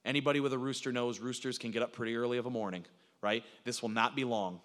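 A man preaching a sermon, animated, acting out quoted lines, with frequent restarts. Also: medium pitch, fast. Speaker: pastor. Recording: reverberant hall sound.

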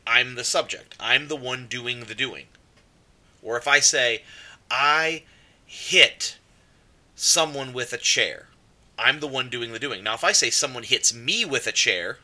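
A man's voice: mid-range voice, pushed and bright. A man teaching a grammar lesson, explaining verb forms step by step and asking his students questions as he goes. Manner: explanatory, asks students questions, repeats examples.

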